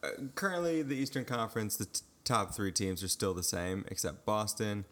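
A young man co-hosting a podcast, chatting casually, telling stories in an animated way and laughing often. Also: lowish voice, moderate pace. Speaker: podcast co-host. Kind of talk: casual chat.

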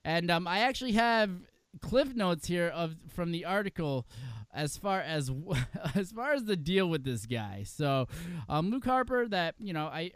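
A man's voice: high voice, smooth, dry recording. A man co-hosting a podcast in casual chat, talking in a rambling way with many fillers and laughs. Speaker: podcast co-host.

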